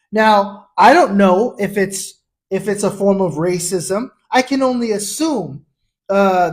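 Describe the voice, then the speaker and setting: A man hosting a podcast, giving a personal commentary monologue. He tells his story earnestly and indignantly, often restarting and repeating words. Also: very high voice. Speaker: podcast host.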